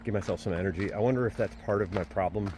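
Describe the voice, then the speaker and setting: A man's voice: fairly low pitch, very fast, darkish tone. A man talking casually to his camera while walking outdoors, chatty and joking to himself. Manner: chatty, rambling, self-joking. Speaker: vlogger walking a pilgrimage. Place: outdoors, walking through a town. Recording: outdoor street noise.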